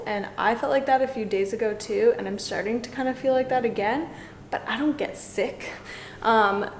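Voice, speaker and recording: A woman's voice: a little high, a little hiss or hum. A young woman vlogging casually to camera about her day, chatty and upbeat, filling her talk with "like", hot and sweaty in a house. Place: house in Bali, indoors. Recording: echoey room with faint ambience.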